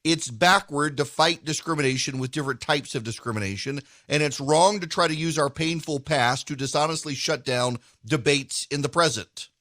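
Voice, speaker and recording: A male podcast host delivers political commentary in an emphatic monologue that builds toward near shouting. His voice has a bright, forceful edge. The recording is dry and close, with no room around it. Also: fairly high pitch, normal speed, few pauses, no echo.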